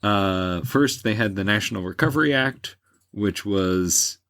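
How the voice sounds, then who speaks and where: Low-voiced man rambling through history. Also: a little slow, a bit bright, no room sound. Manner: rambling, many fillers and restarts. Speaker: podcast host explaining history. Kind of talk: casual history podcast chat.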